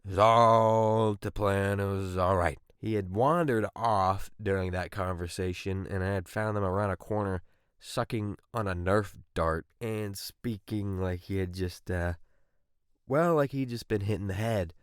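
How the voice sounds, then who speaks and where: Smooth-voiced man telling crude comedy stories. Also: on the low side, a little slow, no echo, studio quality. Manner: crude self-mocking humor with sudden loud outbursts. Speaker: animated storytime narrator. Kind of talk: comedic storytime narration.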